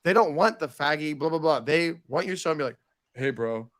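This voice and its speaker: Campy, animated man telling stories. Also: a little high, quick pace. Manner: animated, campy storytelling with quoted voices. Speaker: podcast guest. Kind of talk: casual storytelling chat.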